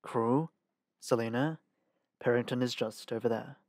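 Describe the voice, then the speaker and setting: A man's voice: medium pitch, measured pace, a little mellow, dry recording, lightly acted. A man reading the lines of a reserved young male guard captain with a dry manner. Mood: reasoning.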